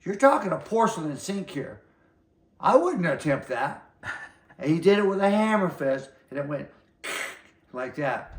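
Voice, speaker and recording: This older martial arts master has a fairly high, sing-song voice, keeps a measured pace and pauses often. He tells long stories casually during an interview and acts out what others said. There's a roomy echo on the audio.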